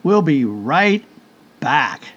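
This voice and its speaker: A man's voice: fairly high pitch, big pitch swings, drawn-out words, lo-fi sound. A male podcast host speaking in an exuberant, folksy way, full of exclamations. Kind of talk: enthusiastic podcast hosting.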